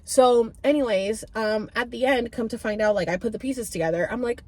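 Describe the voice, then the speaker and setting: A woman in her thirties telling stories to camera in a chatty, animated way, swearing now and then. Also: a little high, brisk. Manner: chatty, animated, swears freely, many fillers. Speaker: vlogger. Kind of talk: casual storytelling to camera.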